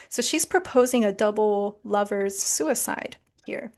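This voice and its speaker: A chatty woman leading a literature discussion, summarizing a story with lots of fillers and asides. Her voice sits at a middle pitch. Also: measured pace, hardly any pauses, a little mellow. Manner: chatty, many fillers, explains plot. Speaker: book club discussion leader.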